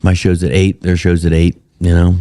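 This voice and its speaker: A middle-aged man, a comedian guest, telling animated, profane stories with laughs in casual chat. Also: sits low, normal speed, no room sound, studio quality. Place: live show venue.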